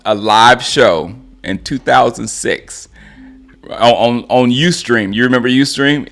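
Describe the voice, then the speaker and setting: A man with a lowish, fairly bright voice hosts a live stream where he rants about football, casual and mocking, laughing often and repeatedly restarting what he says.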